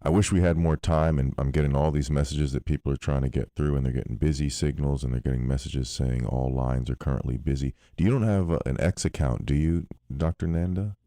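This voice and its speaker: A man's voice: rumbling low, fairly even intonation, a little fast, few pauses, warm tone, dry recording, clean studio sound. A male podcast host who speaks in a laid-back, appreciative way. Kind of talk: casual interview hosting.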